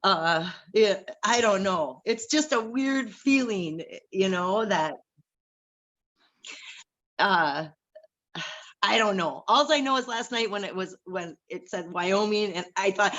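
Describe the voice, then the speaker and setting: A woman's voice: medium pitch, slow, a bit bright. A woman guest in a casual livestream chat, rambling with many fillers and restarts.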